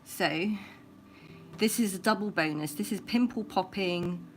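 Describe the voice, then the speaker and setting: A woman with a lowish voice chats casually on a home livestream as she grooms her rabbit. She coos to the animal in gentle baby talk and now and then drops to a hushed whisper. A faint hiss of noise sits behind her voice. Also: a little slow. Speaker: pet owner livestreamer.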